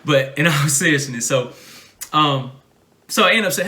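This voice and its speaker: A Southern American man in his thirties tells a story in a relaxed, chatty way. His voice is bright and his pitch swings a lot. He acts out the quotes in a higher voice. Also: moderate pace, long pauses. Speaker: podcast co-host. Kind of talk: casual storytelling chat.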